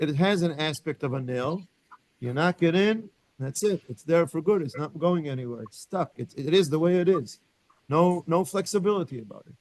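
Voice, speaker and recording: A man giving a Torah lecture to a class, his voice sitting a little high for a man. He thinks aloud, restarts his sentences and turns questions to the students. The sound is dry, with little room in it. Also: a little mellow, no echo. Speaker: rabbi teaching a Torah class. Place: synagogue study room.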